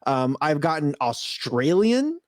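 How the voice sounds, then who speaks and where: Lively, animated man telling stories. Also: a little high, slow, no echo, studio quality. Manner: animated storyteller, acts out quotes, laughs often. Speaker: podcast co-host. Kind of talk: casual chat.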